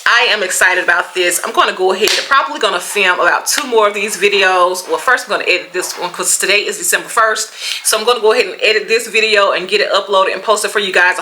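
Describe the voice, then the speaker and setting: Southern woman vlogger, bright forceful voice, lively storyteller. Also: medium pitch, slight background noise, poor audio. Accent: Southern American. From Mississippi, USA. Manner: animated storyteller, acts out quotes, laughs often. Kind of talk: storytime vlog.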